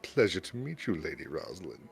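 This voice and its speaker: A man's voice: low-pitched, very animated, a little fast, creaky, voice pushed down, heavily acted. A man voicing a flamboyant, rotund male magic shopkeeper in a fantasy game, with showy salesman patter. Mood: welcoming.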